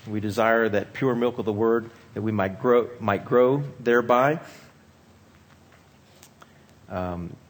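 A man speaking as a pastor, giving a measured teaching talk on ministry with frequent pauses and fillers. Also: medium pitch, breathy edge.

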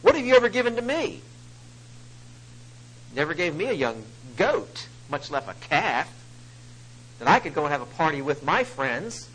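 A man's voice: a little high, big pitch swings, moderate pace, long pauses, fairly bright tone, slight background noise, poor audio. A preacher acting out a resentful, self-righteous older brother who complains bitterly to his father.

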